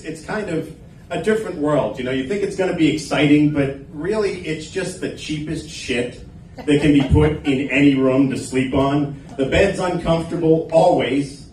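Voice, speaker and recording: A man's voice: a little high, normal speed, darkish tone, a little hiss or hum. Crude male stand-up in an echoey club. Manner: crude, teasing the crowd. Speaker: stand-up comedian. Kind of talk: open mic stand-up set. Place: small comedy club stage. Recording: echoey club, recorded from a distance.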